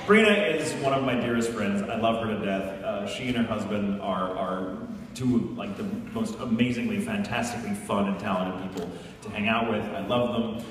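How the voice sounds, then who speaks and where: A man answering fan questions at a convention panel, telling stories in an animated, playful way and laughing often. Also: lowish voice. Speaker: guest voice actor. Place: large convention panel room. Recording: echoey hall, distant mic, loud ambience.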